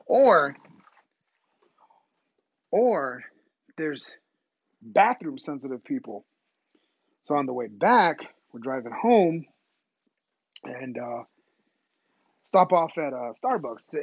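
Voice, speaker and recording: Male podcast host, profane comic ranter, husky, swoops up and down, dry dull lo-fi sound. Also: on the high side, slow pace, pauses often, dry recording. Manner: profane, animated ranting. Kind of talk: comedic monologue rant.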